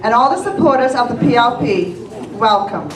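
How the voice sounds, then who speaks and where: A woman's voice: on the high side, expressive, moderate pace. Middle-aged woman giving a proud speech. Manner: earnest, proud address. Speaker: candidate's mother giving a speech. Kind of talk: prepared speech. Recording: echoey hall from far off, crowd.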